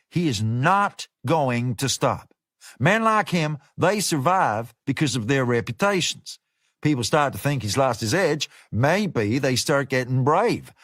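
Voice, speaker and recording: A man voicing a smooth, menacing male American fixer who talks with easygoing slang. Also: fairly high pitch, a bit bright, no room sound, studio quality, exaggerated voice.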